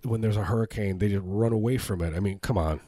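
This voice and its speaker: A man with a somewhat low, husky voice riffs through a casual comedy chat, tossing out absurd bits. The sound is dry and close, with no room around it. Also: fast talker, warm tone, no echo. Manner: riffs absurd jokes, slips into silly voices.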